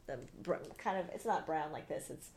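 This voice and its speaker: A woman's voice: low voice, lively intonation, fairly quick, gravelly, darkish tone, a little hiss or hum. A woman co-hosting a podcast, chatting casually and rambling with lots of ums and restarts. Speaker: podcast co-host. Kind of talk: casual chat.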